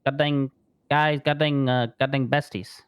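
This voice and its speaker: A man's voice: mid-range voice, level tone, measured pace, clear, resonant tone, no room sound, close to an everyday voice. A man voicing a rattled male crime witness in a role-play game, who stuffs the same curse word into nearly every phrase while giving a statement.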